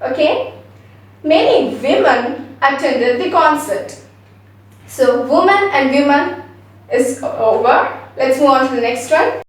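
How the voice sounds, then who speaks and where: High-voiced woman teaching pronunciation, echoey. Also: expressive. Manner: repeats words slowly, often checks with "okay?". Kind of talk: spelled-out pronunciation lesson. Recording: very echoey room, mic far away.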